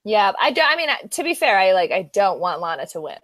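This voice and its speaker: A woman co-hosting a podcast in casual chat, chatty and quick to laugh at herself. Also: mid-range voice, very animated, fairly bright tone, dry recording. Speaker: podcast co-host.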